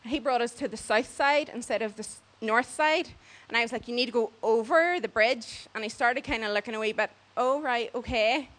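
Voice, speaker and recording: A woman telling a story in a lively, chatty way. Her voice sits a little higher than most, and she slips into other people's voices as she talks. She laughs here and there as the story goes on. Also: a little fast. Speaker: storyteller on a church mission trip. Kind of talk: casual spoken storytelling.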